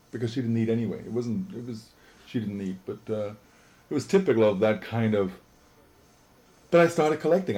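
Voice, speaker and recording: A man's voice: lowish voice, dark tone. A middle-aged man reminiscing in a casual interview, an exuberant, rambling storyteller.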